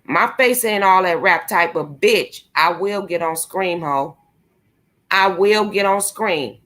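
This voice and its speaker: Slow, bright-voiced woman ranting angrily. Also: lowish voice. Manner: confrontational, profane, taunting. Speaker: vlogger. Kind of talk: angry profane rant to camera.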